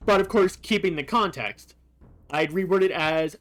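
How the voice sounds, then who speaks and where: Game streamer talking thru a playthrough, mid pitch, lots of uh's, thinking out loud, faint game music underneath. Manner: thoughtful, halting, with frequent "uh" while sorting thoughts. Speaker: streamer comparing game translations. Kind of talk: casual commentary over gameplay.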